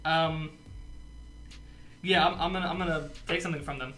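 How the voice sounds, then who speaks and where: A man playing in a tabletop game, hesitant and halting as he plans his move. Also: fairly high pitch, steady tone, a bit bright, a little hiss or hum, poor audio. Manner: hesitant, full of ums and restarts. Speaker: player.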